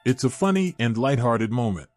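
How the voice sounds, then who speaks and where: A man reads scripted news links in a plain, even delivery. His voice sits in an ordinary middle register. A faint music bed runs under him. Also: medium pitch, normal speed. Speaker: news narrator. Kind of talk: scripted narration.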